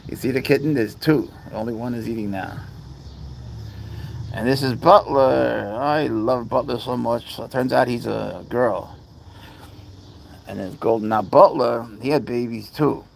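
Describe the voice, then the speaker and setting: A man's voice: medium pitch, measured pace, vocal fry, slight background noise, poor audio. A man hosting a casual livestream, rambling as he talks to his cats and answers viewers' chat. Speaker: livestream host.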